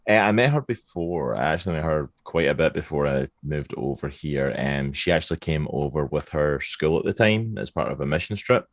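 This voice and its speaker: A Scottish man in his thirties, a podcast guest chatting casually and telling stories with lively laughter. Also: rumbling low, a little fast, hardly any pauses, no room sound. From Scotland. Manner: animated storyteller, laughs often. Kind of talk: casual chat.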